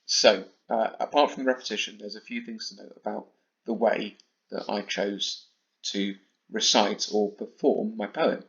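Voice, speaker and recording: A man teaching a primary school lesson from home with an English accent, talking slowly and carefully with deliberate pauses. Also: lowish voice, steady tone, gravelly, fairly bright tone. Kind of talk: recorded home-learning lesson. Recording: slightly dull lo-fi recording.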